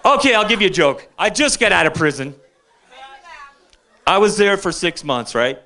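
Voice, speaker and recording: An older man telling loose, rambling stand-up stories into a stage mic, with a bright, forceful voice pitched a little high. He keeps checking in with the room as he talks. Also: sing-song, moderate pace. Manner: chatty, keeps checking in with the crowd. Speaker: open mic comedian. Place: bar stage at an open mic.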